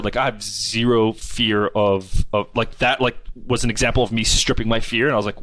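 A man's voice: medium pitch, a little fast, few pauses, no room sound. Man telling a rambling story. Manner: animated, rambling, many fillers. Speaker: guest. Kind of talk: casual storytelling. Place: South Florida.

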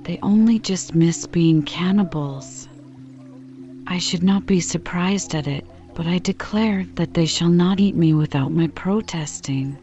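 A woman's voice: fairly low pitch, unhurried, mellow, dull audio, soft background music, lightly acted. A woman reading the lines of a furious Canadian harpooner in an audiobook, in an angry, blustering manner. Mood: indignant.

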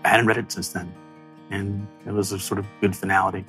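A man's voice: low-pitched, flat delivery, a little fast, sharp tone, faint music behind. A man in his thirties, an interview guest telling an emotional personal story in an earnest, reflective way, his voice rising as he speaks.

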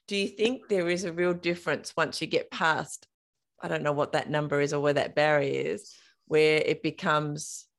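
Middle-aged lady host, low voice, thinks out loud and hunts for words. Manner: searching for words, thoughtful. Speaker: podcast host. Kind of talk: casual interview chat.

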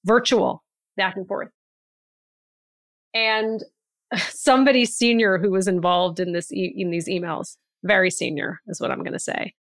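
A woman co-hosting a casual podcast, speaking at a middle pitch with animated, emphatic storytelling. The sound is dry and close, with no room around her voice. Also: measured pace, long pauses, no echo. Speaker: podcast co-host. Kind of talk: casual chat.

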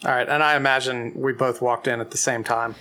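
Relaxed man playing a tabletop game. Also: mid-range voice, fairly quick. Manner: relaxed, playful banter. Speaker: player. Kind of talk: casual tabletop game play.

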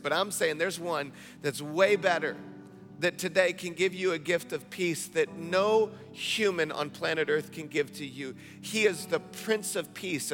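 High-voiced preaching man, hall echo. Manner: energetic, conversational preaching with repeated phrases. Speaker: pastor. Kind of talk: sermon. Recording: long hall reverb.

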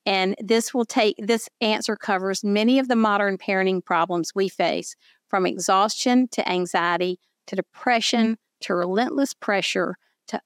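A woman's voice: medium pitch, clean tone, dry recording, clean studio sound. An older woman with a Southern accent hosting a podcast interview, chatty and effusive. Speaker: podcast host. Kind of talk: casual interview chat.

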